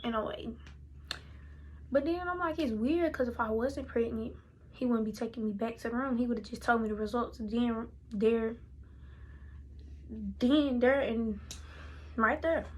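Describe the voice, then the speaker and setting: Brief: young woman vlogger, fairly high voice, casual animated storytelling. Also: unhurried, pauses often, slightly rough. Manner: animated, chatty, addresses viewers directly.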